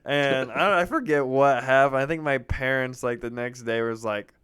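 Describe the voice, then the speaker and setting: A young man co-hosting a podcast, telling family stories in a casual, animated way. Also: moderate pace, clear, resonant tone. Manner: animated storyteller, jumps into loud high-pitched impressions. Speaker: podcast co-host. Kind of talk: casual storytelling chat.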